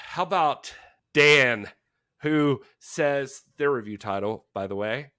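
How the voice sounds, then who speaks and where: A man's voice: medium pitch, slow pace, sharp tone. A man co-hosting a casual talk show, reading reviews aloud with mock drama and frequent laughter. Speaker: podcast co-host. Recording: echoey room.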